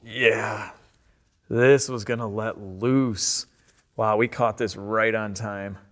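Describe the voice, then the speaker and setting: A man hosting a car-repair video who explains his work casually and jokes between tasks, sometimes letting out excited whoops. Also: fairly low pitch, slow. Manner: upbeat and joking, with sudden excited whoops. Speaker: host and car mechanic. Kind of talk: casual repair vlog commentary. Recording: echoey garage reverb.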